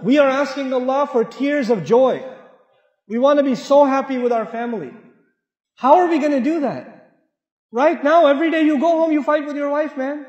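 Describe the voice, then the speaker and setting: A man giving an earnest, conversational sermon to a mosque audience, moving between loud emphasis and quiet asides. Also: very high-pitched. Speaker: Islamic speaker. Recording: echoey hall, dull lo-fi sound.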